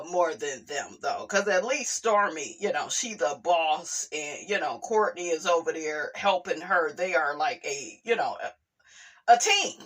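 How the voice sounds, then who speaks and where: Bright, lively woman gossiping slowly. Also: mid-range voice. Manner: chatty, often says "honey" and "okay", laughs readily. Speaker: host. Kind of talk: casual gossip commentary.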